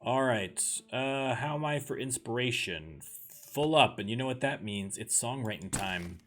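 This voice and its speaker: A let's play host from southern Ontario, speaking with a Canadian accent, chats casually and pokes fun at himself while playing a game. His mid-range voice is expressive and a bit bright at a normal speed, with game music in the background.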